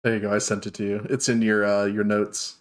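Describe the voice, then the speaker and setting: A man narrating a tabletop game as game master, relaxed and full of fillers. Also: fairly low pitch, fairly quick.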